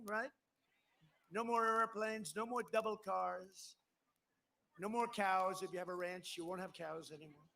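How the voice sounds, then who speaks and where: An older politician with a bright voice speaks at an outdoor airport campaign rally, rambling and emphatic, with asides to the crowd. His voice sits high and is creaky, steady in tone, at a measured pace with long pauses. The outdoor live broadcast carries faint crowd noise.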